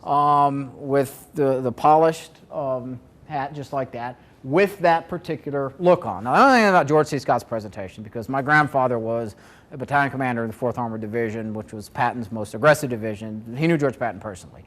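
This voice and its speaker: A man's voice: mid-range voice, fairly quick, a bit bright. A man presenting a marketing seminar to a live audience, talking conversationally and asking the room questions.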